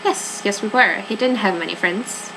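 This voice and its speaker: A woman's voice: mid-range voice, normal speed, pushed and bright, slight background noise, rough recording. A woman reading a curt, defensive nightclub worker. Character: young woman working in a nightclub, defensive, sharp-tongued.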